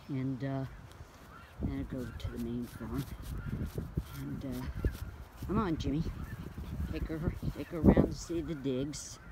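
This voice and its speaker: A man's voice: medium pitch, very noisy. A man with a Southern US accent giving a rambling, casual farm vlog outdoors, calling out to his dogs and chuckling now and then. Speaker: dog breeder and farmer. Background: dogs and outdoor farm sounds.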